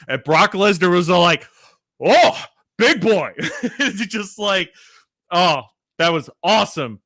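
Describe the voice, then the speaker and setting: On a livestream, a man talks casually and animatedly, drifting from topic to topic, cursing freely, and chuckling at his own expense. The voice is on the high side, bright and forceful, and it sounds close-miked and dry without any room behind it.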